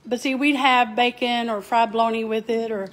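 A woman's voice: a little high, steady tone, normal speed. A woman with a Southern US accent, chatting homily through a cooking demo and calling viewers y'all. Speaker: home cook host.

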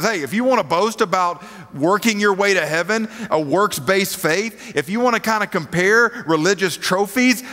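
High-voiced preacher in a reverberant hall. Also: male voice, fairly bright tone. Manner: casual, rhetorical questions to the audience. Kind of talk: conversational sermon. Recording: long reverb of a large hall.

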